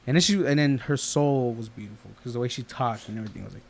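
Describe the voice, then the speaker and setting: A man's voice: mid-range voice, fast talker, vocal fry. Rambling man telling stories. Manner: rambling storyteller, acts out quoted voices. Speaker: podcast co-host. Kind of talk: casual chat.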